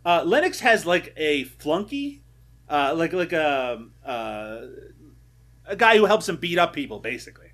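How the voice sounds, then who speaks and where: A man's voice: fairly high pitch, very animated, measured pace, a bit bright. A man hosting a casual podcast, animatedly retelling film scenes and laughing often. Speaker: podcast host. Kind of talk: casual film recap chat.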